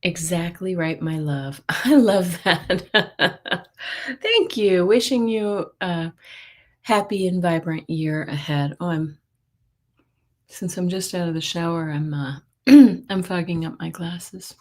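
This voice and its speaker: A woman's voice: fairly low pitch, slow pace. A middle-aged woman hosting a psychic live stream, chatting casually and greeting viewers by name. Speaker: psychic livestream host.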